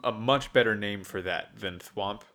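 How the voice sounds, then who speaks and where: A man hosting a podcast in casual chat, low-key and often trailing off quietly. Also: moderate pace. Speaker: podcast host.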